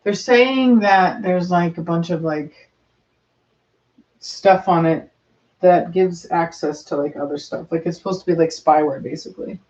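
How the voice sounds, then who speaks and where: A woman chatting casually on a livestream, rambling with many fillers and cooing softly to a dog. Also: lowish voice, measured pace. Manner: rambling with many likes, soft asides to a dog. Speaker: livestream co-host. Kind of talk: casual chat. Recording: distant, dull-sounding mic.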